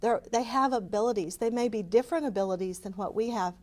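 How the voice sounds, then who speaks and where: A woman's voice: on the high side, fast. A woman giving a passionate, earnest community talk to a live audience and answering their questions. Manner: earnest, passionate, talks openly. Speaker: community presenter.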